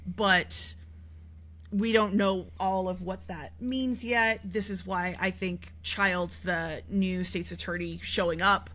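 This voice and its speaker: Chatty woman with a bright voice. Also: lowish voice, fairly even intonation, takes it slowly. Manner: chatty, rambling with many fillers and restarts. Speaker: podcast co-host. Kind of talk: casual TV recap chat.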